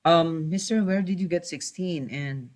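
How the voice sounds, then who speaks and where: A man's voice: a little high, a little slow, voice pushed up, lightly acted. A man voicing a student who hesitantly asks his teacher a question. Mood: puzzled.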